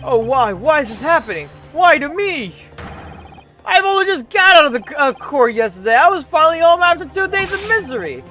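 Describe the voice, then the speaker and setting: A man voicing a fretful, self-pitying gentleman in a video game, wailing melodramatically. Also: very high voice, very animated, a little fast, soft background music, pitched above the performer's own voice, heavily acted. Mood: distraught. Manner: wailing, alliterative laments.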